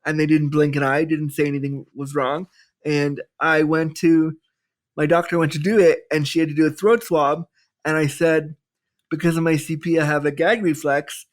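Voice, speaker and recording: A man in his thirties, a podcast guest telling personal stories in a candid, animated way with lots of quoted dialogue. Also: a little high, normal speed. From Canada. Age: 30s. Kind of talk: storytelling in a podcast interview.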